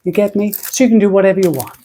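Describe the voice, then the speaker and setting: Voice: mid-range voice, fast talker, mellow. A soap-making tutorial host from Britain, chatting in a rambling, self-mocking way while using a put-on funny voice. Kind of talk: casual rambling tutorial chat.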